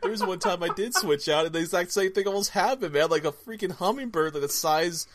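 A man's voice: high voice, a little fast, background noise. A young man co-hosting a casual podcast, telling stories with a lot of laughing and swearing and acting out the voices in them. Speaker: podcast co-host. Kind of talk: casual chat, storytelling.

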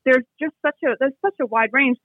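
A man's voice: very high-pitched, a little fast, dry recording. A Canadian man, an author, speaking thoughtfully in an interview and often restarting his sentences. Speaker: author and guest. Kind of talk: reflective interview talk. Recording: tinny phone-like line.

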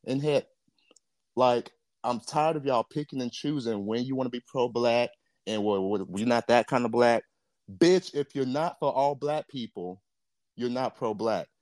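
A man in the middle of a heated, swear-laden podcast rant, blunt and impassioned as he co-hosts the show. His voice sits at an ordinary middle pitch. The recording is dry and close, with no room echo. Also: a little mellow. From Jamaica. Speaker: podcast co-host.

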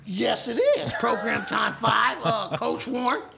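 A man being interviewed, talking loudly in casual street slang and swearing freely. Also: extremely high pitch, unhurried, gravelly, a crowd in the background. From Texas. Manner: loud, animated street talk with frequent profanity. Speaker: interview guest.

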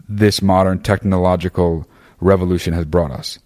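A man with a notably low, deep voice delivers a loose, profane monologue straight to his listeners. He rambles and restarts his sentences, swearing freely as he pushes his opinions. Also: level tone, normal speed, darkish tone. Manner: frequent fillers and restarts. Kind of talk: casual monologue.

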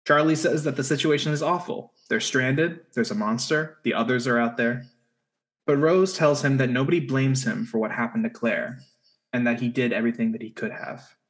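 A man co-hosting a casual podcast, summarizing plot points in a brisk way with wry asides. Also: mid-range voice. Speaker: podcast co-host recapping episodes. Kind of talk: casual chat.

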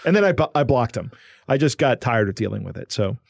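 A man's voice: medium pitch, animated, fairly quick, vocal fry, no room sound. A man co-hosting a podcast who tells stories in a casual chat with a wry, amused manner. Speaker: podcast co-host.

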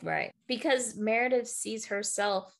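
A woman's voice: mid-range voice, expressive, measured pace, gravelly. A woman co-hosting a podcast, chatting casually, giving blunt opinions and laughing often. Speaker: podcast co-host. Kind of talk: casual chat.

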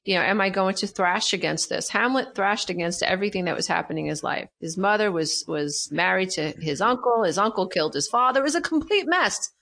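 A middle-aged woman speaks as a guest coach, her pitch sitting right in the middle. She presses her points with emphatic energy and often says them twice. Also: fairly quick, gravelly, few pauses. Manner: emphatic, repeats key phrases, animated. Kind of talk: interview conversation.

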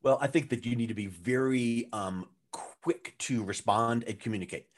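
A man being interviewed as a business coach, talking loosely and animatedly, slipping into acted-out voices with big jumps in pitch. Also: normal speed. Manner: loose and chatty with fillers. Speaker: guest, authority positioning coach. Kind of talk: conversational podcast interview.

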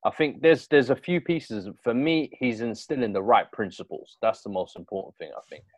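A man in a casual football chat, chiming in with brief interjections and measured opinions. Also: medium pitch, no echo.

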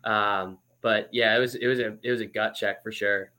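A man in his twenties, a former pro baseball player, telling stories as a guest in a casual interview, chatty and lively with lots of fillers. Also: lowish voice, moderate pace.

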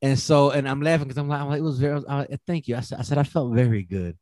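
A man's voice: medium pitch, fast talker, no room sound, studio quality. A man co-hosting a podcast in casual chat, telling a story animatedly and acting out the voices of the people in it. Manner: animated, acts out quoted voices, laughs often. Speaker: podcast co-host.

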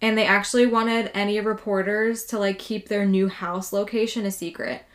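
A woman's voice: mid-range voice, level tone, normal speed. A woman co-hosting a podcast, casually telling a true haunting story, peppered with "like" and swearing. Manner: casual, swears freely, lots of "like".

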